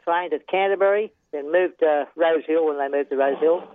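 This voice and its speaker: A man's voice: a little high, normal speed, no room sound. Older Australian man on a tinny phone line. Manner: rambling, chuckling, repeats "yeah" a lot. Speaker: retired horse trainer. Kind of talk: casual storytelling interview.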